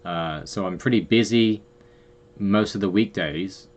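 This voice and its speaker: Rambling man with a lowish voice. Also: measured pace. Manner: rambling, loose talk full of asides. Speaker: YouTube host and language teacher. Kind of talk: casual vlog monologue.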